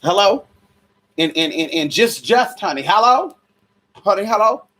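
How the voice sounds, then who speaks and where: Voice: medium pitch, animated, measured pace, fairly bright tone. A vlogger telling a story in a casual, profane, chatty way, calling viewers y'all, girl and honey.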